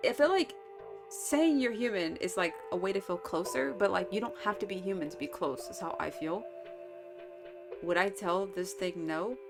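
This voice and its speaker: Girl streamer reading visual novel text out loud, giggly and chatty, music playing behind. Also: mid-range voice, animated, moderate pace. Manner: chatty, giggly, reads game text in bursts. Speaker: let's-play streamer.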